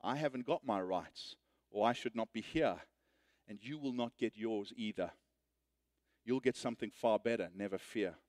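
Preacher doing a gentle glowing heaven guy, quiet and calm, dry close sound. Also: moderate pace, no echo, natural voice. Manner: soft, low, calm, patient. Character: gentle radiant heavenly man.

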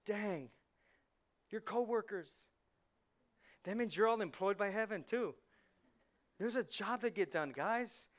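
A man preaching a lively sermon in a church, dropping to near whispers and rising to excited shouts, often acting out quick voices. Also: sits high. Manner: animated, swings from hushed to shouting, acts out voices. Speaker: pastor. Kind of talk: energetic sermon. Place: church hall.

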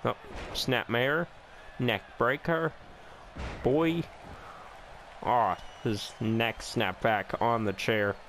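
Slow-talking man reacting to a wrestling game. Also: mid-range voice, slight background noise, low-quality recording. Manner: excitable, reacting with gasps and swearing; joking, sarcastic asides. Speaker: gameplay commentator. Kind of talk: casual let's-play commentary.

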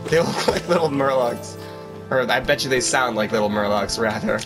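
A man's voice: medium pitch, normal speed, music in the background. A man hosting a gaming channel, giving jokey let's-play commentary and yelping and exclaiming as he plays. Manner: excitable, jokey, yelps and exclaims while playing.

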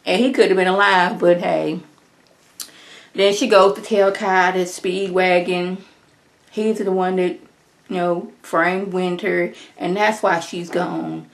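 A woman casually recapping a TV episode in colloquial, animated speech. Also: fairly low pitch, takes it slowly, gravelly. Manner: animated, colloquial, acts out characters' lines. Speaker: TV show reviewer.

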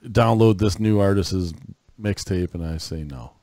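A man's voice: deep voice, unhurried, dark tone, no echo, studio quality. A man co-hosting a podcast, matter-of-fact and wry in casual banter. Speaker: podcast co-host.

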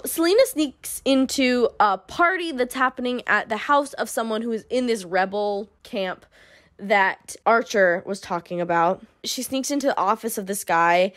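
A young woman in her twenties talks through a novel's plot in a casual vlog recap. She is sarcastic and deadpan, sprinkling her sentences with "like". Her voice sits slightly high for a woman. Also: moderate pace. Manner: wry, deadpan asides, lots of "like". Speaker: book review vlogger.

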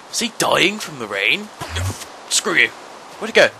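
A young man giving let's-play commentary, talking to the monsters and yelping and shouting whenever they hit him. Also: mid-range voice, vocal fry, slight background noise, low-quality recording. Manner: talks to monsters, yelps and shouts when hit. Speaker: gaming channel host.

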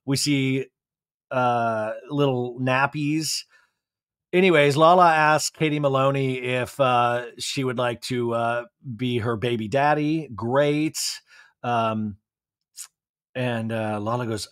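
A man's voice: mid-range voice, fairly even intonation, takes it slowly, fairly bright tone, clean tone, no room sound, clean studio sound. A young adult man hosting a podcast, recapping TV with chatty, sarcastic asides. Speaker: podcast host. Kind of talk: comedic TV recap.

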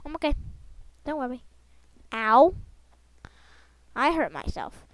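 A woman's voice: high voice, sing-song, slow, no echo, dull audio. A woman giving playful, rambling gameplay commentary, making silly sound effects and joking to her viewers as she plays. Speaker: gaming channel host.

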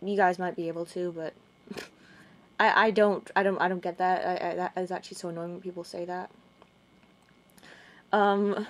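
A young woman vlogging casually about a chat exchange, rambling and halting with many restarts. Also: medium pitch. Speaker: gaming video creator. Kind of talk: casual vlog recounting a chat.

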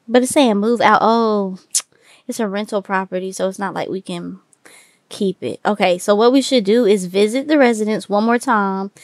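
A woman giving casual, excitable let's-play commentary and talking to her viewers. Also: medium pitch, dry recording. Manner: excitable, chatty, addresses viewers as y'all. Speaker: gaming video host.

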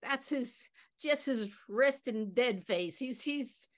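A woman's voice: fairly high pitch, animated, slow pace. A woman improvising a flashy, shameless schemer who talks in a breezy, smug way on stage. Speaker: improv performer. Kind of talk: live improv comedy scene. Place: theater stage.

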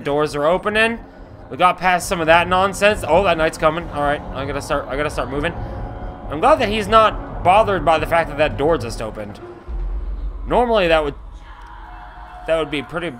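A young man giving let's play commentary, excitable, swearing and yelling at enemies as he plays. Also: fairly high pitch, moderate pace. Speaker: gamer playing a shooter.

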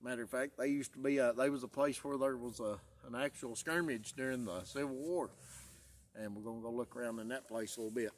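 A man's voice: medium pitch, steady tone, fairly quick. Rambling man outdoors. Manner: folksy, rambling, repeats himself. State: tired. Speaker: vlogger. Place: outdoors in the woods.

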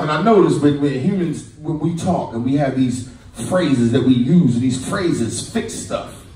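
A man doing a stand-up comedy routine, telling stories and acting out the voices of his friends. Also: fairly high pitch. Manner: animated storytelling, acts out voices of friends. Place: comedy club stage. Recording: echoey club, mic far, crowd laughing. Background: audience laughter.

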